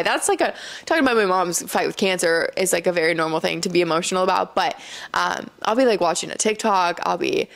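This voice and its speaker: Here is a young Iowa woman hosting a solo podcast in a creaky, medium-pitched voice. Chatty and candid, she fills her speech with "like" and "um" and laughs often, even as she is choked up and tearful.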